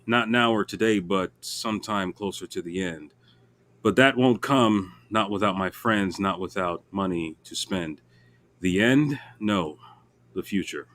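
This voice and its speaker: Low-voiced man reading a poem slowly. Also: a bit bright, slight background noise. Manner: slow, measured reading. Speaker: show co-host.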